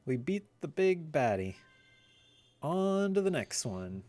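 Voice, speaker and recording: A man's voice: a little high, big pitch swings, takes it slowly, darkish tone, soft background music. A young man streaming a game live, chatting casually with lots of laughter and rambling asides. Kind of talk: casual live gameplay chat.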